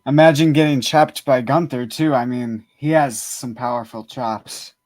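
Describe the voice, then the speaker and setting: A man's voice: mid-range voice, steady tone, unhurried, a little mellow, no room sound. Man host with short dry asides. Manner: brief reactions and asides. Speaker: interview host. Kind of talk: casual interview chat.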